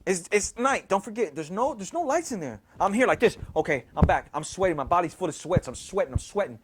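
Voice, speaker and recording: Young guy, high-pitched, telling a story, slangy and cussing, repeats stuff a lot. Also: fairly quick, background noise. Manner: slangy, profane, animated retelling with many repeats. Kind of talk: casual storytelling.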